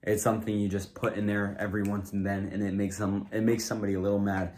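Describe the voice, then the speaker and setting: A man with a fairly low voice talks loosely to the camera, handing out tips. He rambles, leans on "like" and keeps restarting his sentences, and the tone stays casual throughout. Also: little pitch movement, fast, darkish tone. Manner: rambling, filler-heavy, lots of "like" and restarts. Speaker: comedy video creator. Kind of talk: casual talk-to-camera advice.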